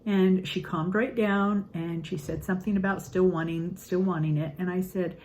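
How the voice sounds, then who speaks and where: An older woman, a grandmother, giving an earnest, upbeat casual talk on parenting, acting out quotes in lively voices. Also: on the low side, moderate pace, few pauses, a little hiss or hum, poor audio. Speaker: parenting channel host.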